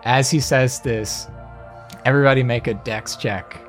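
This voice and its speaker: A man's voice: mid-range voice, steady tone, unhurried, soft background music. Laid-back male game master. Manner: casual, self-deprecating, laughing often. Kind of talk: narrating a tabletop game.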